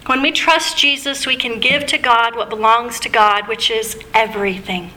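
Bright, high-voiced woman preaching a sermon. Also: steady tone, normal speed, rough recording. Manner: conversational, asks the congregation questions.

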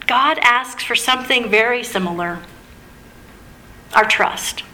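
Bright, high-voiced woman preaching a sermon. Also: expressive, takes it slowly, pauses often, a little hiss or hum, low-quality recording. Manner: conversational, asks the congregation questions.

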